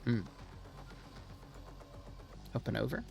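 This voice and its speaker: A man's voice: medium pitch, slow, gravelly, a little mellow, husky, soft background music. A man streaming a video game, chatting casually as he plays, laughing often and swearing now and then. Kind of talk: casual gameplay commentary.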